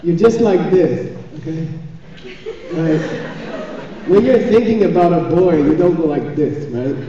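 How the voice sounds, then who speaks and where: A man's voice: fairly high pitch, unhurried, a crowd in the background. A man giving a spiritual teaching in a chatty, joking way, often checking in with his listeners. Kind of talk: live dharma teaching. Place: large teaching hall. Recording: echoey hall, far from the mic, dull sound.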